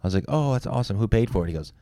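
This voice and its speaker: A man's voice: on the low side, lively intonation, very fast, warm tone, dry recording, studio quality. A man in his thirties on a casual podcast, telling rambling stories with a lot of swearing. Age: 30s. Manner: rambling storytelling, heavy swearing. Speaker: podcast co-host.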